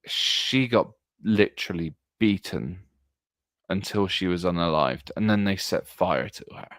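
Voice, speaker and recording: Slow, earnest man streaming. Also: deep voice, a bit bright, clear, resonant tone, no echo, studio quality. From Britain. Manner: earnest and emotional, halting with restarts. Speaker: political streamer. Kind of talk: livestream commentary monologue.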